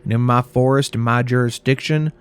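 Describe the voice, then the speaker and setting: A man voicing a stern, stubborn male game warden who speaks slowly and deliberately, as if laying down the law. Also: mid-range voice, steady tone, smooth, close to an everyday voice. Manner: slow, deliberate, rule-bound.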